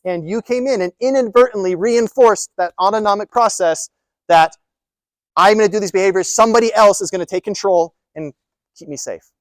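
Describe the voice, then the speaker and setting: A high-voiced man gives a live, fairly quick talk to caregivers gathered in a presentation room. Emphatic throughout, he leans on rhetorical questions and repeats his central points. The sound is dry, with minimal echo.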